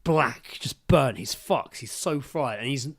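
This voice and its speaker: Young guy, podcast co-host, excitable and sweary, mid-pitched voice. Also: a little slow, breathy edge. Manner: excitable, heavy swearing, retells scenes with acted quotes. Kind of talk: casual chat.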